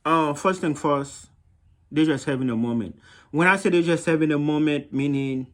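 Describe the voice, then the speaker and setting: A man's voice: fairly high pitch, moderate pace. Man, Haitian accent, blunt, mocking, repeats himself, casual monologue. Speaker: vlogger giving dating advice.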